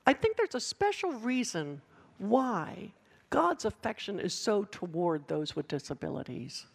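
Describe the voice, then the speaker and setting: A woman giving a passionate sermon to students, emphatic and with dramatic pauses. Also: fairly low pitch, creaky. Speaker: speaker addressing students.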